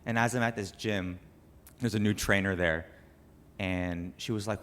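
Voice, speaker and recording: A man's voice: low voice, fairly even intonation, brisk, a bit bright. A young man, a cancer survivor, giving an earnest and emotional speech to an audience at a charity event. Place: banquet room with an audience.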